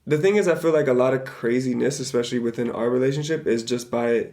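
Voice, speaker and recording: A man's voice: medium pitch, fast, darkish tone. A man co-hosting a podcast, chatting casually in a rambling, hedging way. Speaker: podcast co-host. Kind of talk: casual chat.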